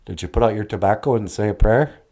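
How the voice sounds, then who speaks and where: A man chats casually as a co-host. His delivery is low-key and dry. He sounds relaxed and matter-of-fact. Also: fast talker. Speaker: cartoonist co-host. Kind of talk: casual chat.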